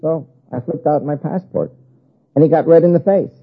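Husky older American man preaching, tinny sound. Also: on the high side, moderate pace. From United States. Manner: emphatic, repeats phrases in driving lists. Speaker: guest speaker. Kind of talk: preaching talk to an audience. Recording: tinny phone-like recording.

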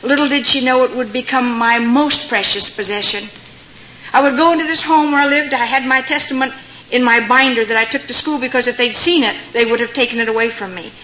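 Telling stories from her own testimony, an older woman speaks to an audience and mimics the voices of the people she quotes. She talks fairly quickly in a pushed, bright voice on the high side. The recording is lo-fi and dull, with faint noise.

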